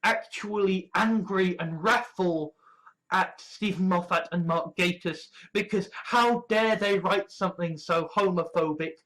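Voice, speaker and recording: A man's voice: high-pitched, measured pace, fairly bright tone. A man delivering an indignant, sarcastic, profane rant, often repeating and stumbling over his words. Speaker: online commentator. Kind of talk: ranting monologue compilation.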